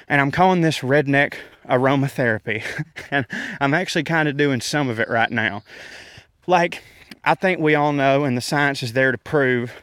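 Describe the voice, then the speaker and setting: A man's voice: medium pitch, a bit bright, clear, resonant tone, no room sound, studio quality. A man, rambling through a casual, self-deprecating rant with frequent laughs while walking outdoors in a park, slightly out of breath. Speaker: comedian podcast host.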